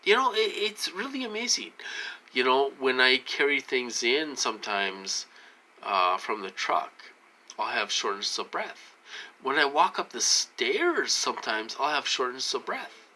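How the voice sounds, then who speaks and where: A man talking in a rambling personal monologue, halting and repetitive, full of fillers and restarts, insistent and aggrieved. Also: medium pitch, sing-song, sharp tone, low-quality recording. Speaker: vlogger.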